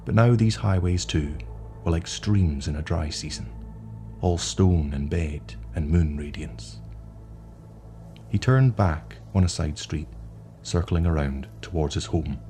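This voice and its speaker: A man with a very low, dark voice reads a short story aloud in a measured, atmospheric way. Faint music plays beneath his narration.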